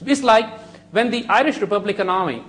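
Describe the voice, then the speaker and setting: A middle-aged man, a guest on a TV talk show, arguing a case forcefully and firing off rhetorical questions. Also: high-pitched, fairly quick. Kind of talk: argumentative TV discussion.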